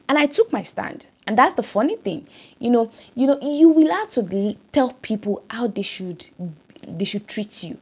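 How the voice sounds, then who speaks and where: A woman's voice: a little high, lively intonation, moderate pace, a little mellow, slightly rough. A woman hosting a devotional podcast, speaking in an earnest, exhorting way and repeating phrases for emphasis. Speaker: podcast host.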